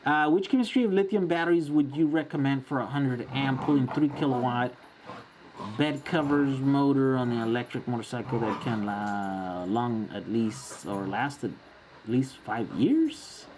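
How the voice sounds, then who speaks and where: A man's voice: mid-range voice, normal speed, background noise. A man in his forties hosting a casual live-stream Q&A, chatty and rambling, often laughing as he answers. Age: 40s.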